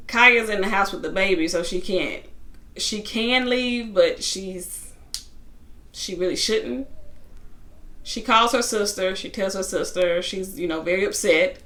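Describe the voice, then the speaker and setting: A woman's voice: mid-range voice, a little slow, fairly bright tone. A woman casually recapping a reality TV episode, chatty, with lots of asides. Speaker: TV reality show reviewer.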